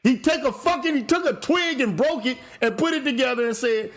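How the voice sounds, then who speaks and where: A man's voice: extremely high pitch, a little fast, a bit bright. A man hosting a show, delivering a heated, profane monologue and lecturing emphatically. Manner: lecturing, emphatic, swears often. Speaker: show host.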